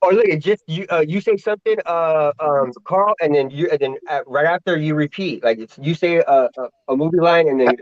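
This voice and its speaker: A man's voice: on the high side, brisk, hardly any pauses, dry recording. A man in a casual voice chat, asking questions and rambling with many fillers. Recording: dry, dull lo-fi audio.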